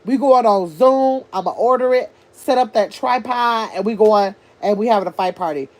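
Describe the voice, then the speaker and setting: An older woman hosting a casual livestream, chatting with her viewers and reading their comments aloud as she thinks out loud. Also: medium pitch, a little fast. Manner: chatty, animated, thinks out loud, addresses chat as y'all. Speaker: livestream host reading chat.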